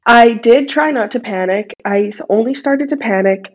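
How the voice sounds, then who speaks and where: A woman's voice: on the high side, moderate pace, lo-fi sound. A young woman guesting on a podcast, telling stories animatedly with lots of fillers in casual chat. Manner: animated storyteller, many fillers.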